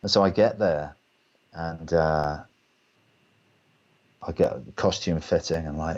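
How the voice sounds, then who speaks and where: An English man, a guest actor, telling lively anecdotes on a video call and acting out the other people in his stories. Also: a bass voice, measured pace, pauses often, muffled recording. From England. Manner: animated anecdotes, acts out other people's lines. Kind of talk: storytelling in a webcast Q&A.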